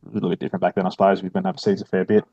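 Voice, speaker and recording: A middle-aged Australian firefighter and former soldier chats as a podcast guest, laid-back and full of fillers, saying "mate" often. His voice is low, warm and slightly rough, racing along with a flat delivery, on a dry, dull recording.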